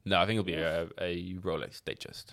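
A man's voice: low voice, fairly even intonation, a little fast, creaky, fairly bright tone. A young man with a Danish accent chatting on a podcast as a guest, stumbling and repeating words as he jokes. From Denmark. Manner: hesitant, repeats words while joking. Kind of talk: casual chat.

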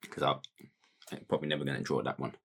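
A man's voice: a bass voice, fairly even intonation, rapid-fire, vocal fry, a bit bright, breathy edge. A man co-hosting a podcast, chatting casually and rambling with lots of fillers. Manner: laid-back, rambling with many fillers. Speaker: podcast co-host. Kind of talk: casual chat.

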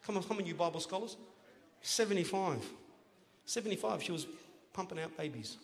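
Energetic pastor, joking then booming. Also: male voice, a little fast. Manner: playful, joking, rising to loud emphatic exhortation. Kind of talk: sermon. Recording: long church hall reverb.

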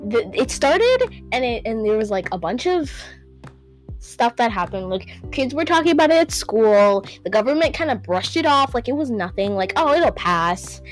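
A young woman with a highish, sing-song voice hosts a casual solo podcast at a moderate pace over soft background music. Speaking into a home microphone, she rambles, trips over difficult words, and laughs at herself.

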